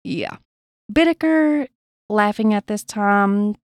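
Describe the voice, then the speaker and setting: A woman's voice: medium pitch, lively intonation, slow, no room sound, clean studio sound. Woman reading grimly on a true crime podcast. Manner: reads gravely, adds blunt asides. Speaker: podcast co-host.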